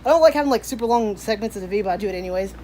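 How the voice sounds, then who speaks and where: A woman's voice: medium pitch, expressive, rapid-fire, mellow, slight background noise. Young female daily vlogger, casual walk-and-talk, rambling, outdoor camera sound with faint insects. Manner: rambling, chatty, frequent "like" fillers. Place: outdoors in a garden. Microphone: handheld camera while walking.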